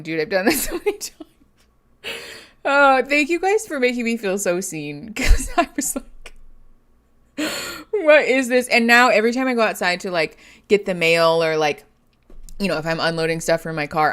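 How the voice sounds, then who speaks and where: A woman's voice: lowish voice, a bit bright. A woman therapist hosting a casual live stream, chatting and laughing often as she reads viewer comments. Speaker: therapist and livestream host.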